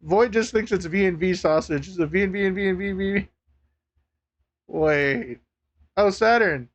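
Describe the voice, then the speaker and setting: A man streaming live, chatting casually to viewers, laughing often, swearing and getting excitable. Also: high voice, moderate pace, dull audio.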